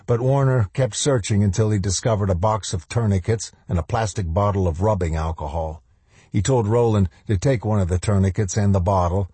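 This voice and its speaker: A man narrating a novel in an audiobook with measured, even storytelling. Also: low voice, slightly rough, no room sound.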